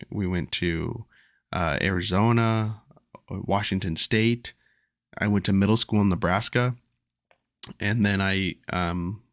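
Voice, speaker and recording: A man's voice: sits low, a bit bright, dry recording, studio quality. A man hosting a podcast, telling a rambling, reflective personal story in a casual way with lots of fillers. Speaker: podcast host.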